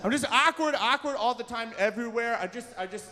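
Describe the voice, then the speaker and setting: A young man doing stand-up comedy at a live event, telling self-deprecating stories with sudden shouts. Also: extremely high pitch, fairly quick. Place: large hall, live event. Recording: long hall reverb from a live venue.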